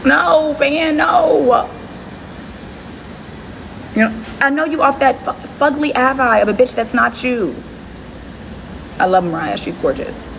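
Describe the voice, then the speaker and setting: A woman's voice: sits high, takes it slowly, vocal fry, pauses often, fairly bright tone, slight background noise, rough recording. A woman hosting her own livestream, ranting bluntly and scornfully at a commenter, repeating herself over and over. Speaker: livestream host. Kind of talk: ranting livestream talk to viewers. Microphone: phone.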